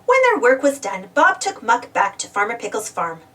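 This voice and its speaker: A woman gently reading a children's storybook aloud as a storyteller. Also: fairly high pitch, wildly swooping pitch, moderate pace, distant mic.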